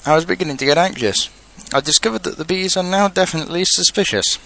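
A man's voice: sits high, fast, creaky, sharp tone, voice pushed up, exaggerated voice. A man voicing an earnest, anxious little bear in a storybook reading, musing and solemn.

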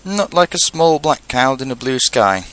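A man's voice: medium pitch, sing-song, fairly quick, gravelly, a bit bright. A man voicing an earnest, anxious little bear in a storybook reading, musing and solemn.

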